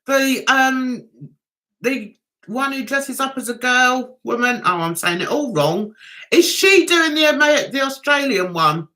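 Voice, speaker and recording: A woman's voice: high-pitched, lively intonation, measured pace, pushed and bright. A middle-aged woman hosting a casual livestream, reading out comments, chatting to viewers and laughing often. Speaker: livestream host.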